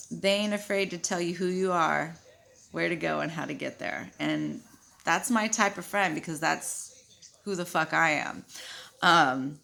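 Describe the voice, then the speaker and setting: A woman's voice: on the low side, vocal fry, sharp tone. A young woman venting in a casual vlog monologue, blunt and swearing freely as she retells quoted exchanges. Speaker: vlogger.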